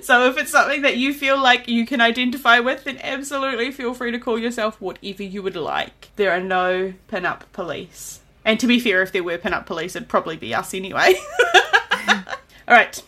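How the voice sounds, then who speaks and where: Bright-voiced New Zealand woman. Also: fairly high pitch, expressive, brisk. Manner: chatty, laughs often, self-deprecating. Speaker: podcast host. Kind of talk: casual chat.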